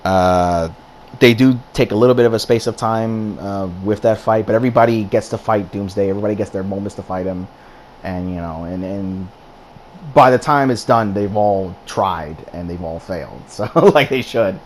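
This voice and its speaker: A man's voice: on the low side, moderate pace, a little hiss or hum. A man giving a casual spoken film review, ranting and swearing freely, often repeating and restarting his words.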